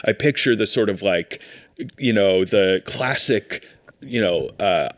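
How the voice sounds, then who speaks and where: A man's voice: slow, dry recording. A man co-hosting a comedy podcast, chatting casually and playfully with his roommate. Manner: playful, riffs into high silly voices. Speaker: podcast co-host. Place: apartment podcast setup.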